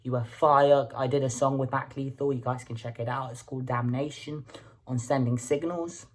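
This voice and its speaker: A woman's voice: very deep voice, fairly even intonation, moderate pace. A woman hosting a music reaction video, talking casually and stumbling over repeated words as she thinks aloud.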